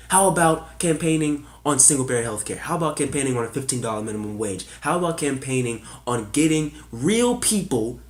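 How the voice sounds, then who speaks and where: Heated sarcastic man in an echoey room. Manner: heated, sarcastic, rhetorical questions, swings from loud to low; casual, swears, says y'all. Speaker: political commentator. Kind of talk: opinion monologue.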